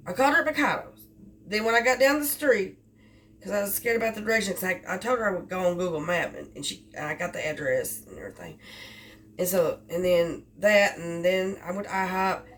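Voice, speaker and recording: A woman telling a rambling story about her delivery job, repeating herself as she goes. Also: medium pitch. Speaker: delivery driver. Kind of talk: casual storytelling vlog. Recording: distant mic with faint background noise.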